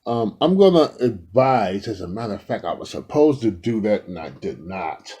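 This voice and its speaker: A man's voice: lowish voice, very animated, normal speed, warm tone, slightly rough. A man in a casual, rambling talk to his viewers, addressing them directly and affectionately while filming himself indoors. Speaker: spiritual vlogger.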